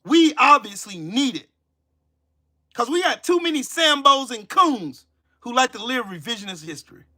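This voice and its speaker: A man hosting his own channel, delivering an angry, profane, confrontational rant and shouting at times. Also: extremely high pitch, big pitch swings, moderate pace. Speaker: channel host.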